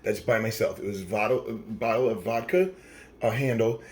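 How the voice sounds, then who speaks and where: Tired, rambling man, lowish voice. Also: fairly even intonation, normal speed, a little hiss or hum. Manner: rambling, profane, tired, many fillers. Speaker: vlogger. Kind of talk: late-night confessional vlog.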